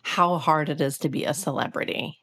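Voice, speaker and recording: A woman's voice: deep voice, moderate pace, a bit bright. An American woman co-hosting a podcast, telling stories in a casual, chatty way full of "like" and "you know". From United States. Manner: chatty storyteller, filler-heavy with lots of "like". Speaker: podcast co-host. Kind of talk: casual chat.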